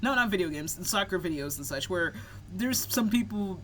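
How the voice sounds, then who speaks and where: A woman's voice: on the low side, expressive, moderate pace, fairly bright tone, a little hiss or hum. A young American woman chatting casually while playing a video game, laughing often and swearing freely. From United States. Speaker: let's play co-host. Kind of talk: casual gaming banter.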